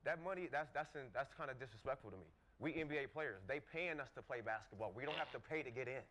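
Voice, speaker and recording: A man's voice: mid-range voice, expressive, fast, fairly bright tone, slight background noise. A man co-hosting a casual couch podcast, trash-talking and challenging someone, with lots of "like" fillers. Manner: confrontational trash talk, fillers of "like". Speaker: podcast co-host. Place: studio couch.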